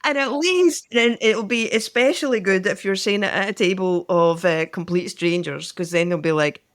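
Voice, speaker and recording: A woman's voice: mid-range voice, normal speed, few pauses. Teasing woman. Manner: teasing, playfully bossy banter. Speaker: podcast co-host. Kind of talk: casual chat.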